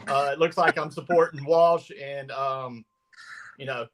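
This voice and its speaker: A man co-hosting a sports podcast, teasing and self-mocking with halting uhs. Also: medium pitch, fairly even intonation, a bit bright. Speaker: podcast co-host. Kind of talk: joking panel banter.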